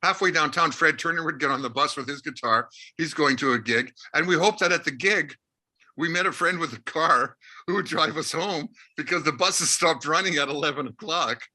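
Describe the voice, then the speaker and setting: A man, telling anecdotes in a lively way as an interview guest and acting out the dialogue. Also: a little high, normal speed. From Canada, Winnipeg. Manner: lively anecdotal storyteller who acts out dialogue. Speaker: interview guest, rock musician. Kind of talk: casual storytelling interview.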